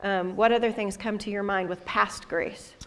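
A woman's voice: medium pitch, steady tone, moderate pace. A woman leading a church discussion, asking guiding questions and telling personal stories. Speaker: discussion leader. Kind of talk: conversational church teaching.

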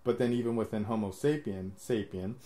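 A podcast host rambles through his ideas in loose, casual conversation, laughing a lot and cursing without restraint. His voice sits on the low side, with a dark tone and a slightly quick pace.

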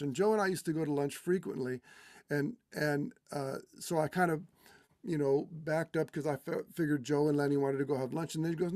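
Gravelly man sharing a gentle memorial story. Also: a little high, no echo, studio quality. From California. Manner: halting, with many restarts and fillers, growing quiet and tender. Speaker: guest speaker at a memorial. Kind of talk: heartfelt personal remembrance.

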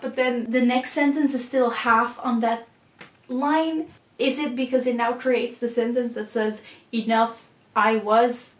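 A woman casually vlogging about reading, chatty and self-deprecating, often laughing at her own confusion. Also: a little high. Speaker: book vlogger.

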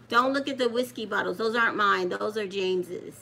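A coin channel host streams casually from a room at home on a handheld phone, her mid-range voice gravelly and sharp, at a moderate pace with hardly any pauses. She chats directly to viewers while repeatedly scolding an off-camera child to stop touching things. There's slight background noise.

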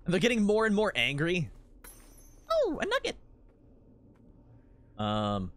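Giggly high-voiced young man streaming. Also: huge pitch swings, slow pace, a bit bright. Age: 20s. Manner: giggly, rambling, laughs constantly. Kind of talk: casual gameplay commentary.

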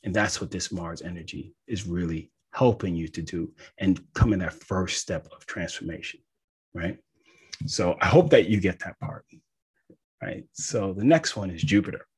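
A man, an astrologer, explaining in a casual, animated way, often checking in with "right?". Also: low-pitched, normal speed, slightly rough. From United States. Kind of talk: casual teaching talk.

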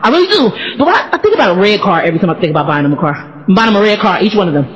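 A man telling a funny church story in a casual, animated way, laughing often and putting on voices when he quotes people. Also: sits high, very fast, in a large hall, highs cut off. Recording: hip hop music playing behind.

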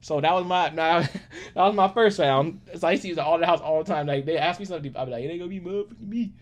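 A man in his thirties hosting a reaction channel, chatting casually in an excitable, rambling way. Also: a little high, fast. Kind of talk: casual chat.

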